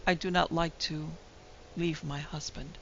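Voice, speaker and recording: A woman's voice: deep voice, steady tone, unhurried, a little hiss or hum. A woman doing a listless, plaintive young wife. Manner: quiet, plaintive, subdued. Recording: dull lo-fi recording.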